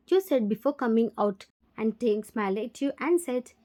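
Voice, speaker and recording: A woman narrating a fan fiction story in the second person, in a plain, steady voiceover. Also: on the high side, normal speed.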